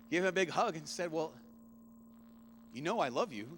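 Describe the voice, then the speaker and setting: A priest in his thirties gives a keynote talk in a fairly high voice, telling a story earnestly. He often drops to a hush, then lifts his voice as the feeling grows. A faint hum sits under the recording. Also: expressive, measured pace. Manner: earnest storytelling, often hushed, rising with emotion. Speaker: priest giving a conference keynote. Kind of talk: youth conference keynote talk.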